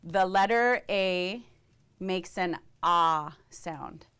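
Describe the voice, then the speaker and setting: Woman instructor, smooth clear voice, unhurried classroom delivery. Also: lowish voice, fairly bright tone. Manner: slow, careful, modeling sounds for students. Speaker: language teacher. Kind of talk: classroom teaching.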